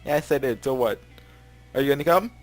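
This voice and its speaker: A man's voice: mid-range voice, brisk, faint music behind, lightly acted. A man reading the lines of a brash, teasing teenage rocker girl in a visual novel, in a mostly plain voice.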